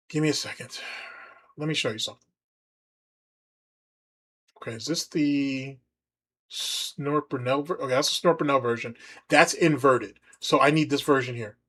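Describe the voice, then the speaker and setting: A man's voice: on the high side, a bit bright, breathy edge. A man hosting a livestream, rambling and mocking as he comments on a video. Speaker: streamer host.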